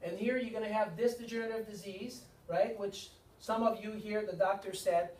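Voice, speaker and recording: A chiropractor leads a seminar before a live audience, speaking emphatically with repeated lines and rhetorical questions. His high, darkish voice keeps a fairly even intonation at a moderate pace with few pauses, captured in an echoey room with a distant mic.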